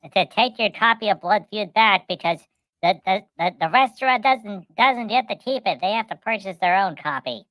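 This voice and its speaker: A woman's voice: mid-range voice, lively intonation, moderate pace, no room sound, highs cut off. A woman telling long comic stories in casual chat, repeating words, restarting, and acting out the people in them. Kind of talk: rambling comic storytelling.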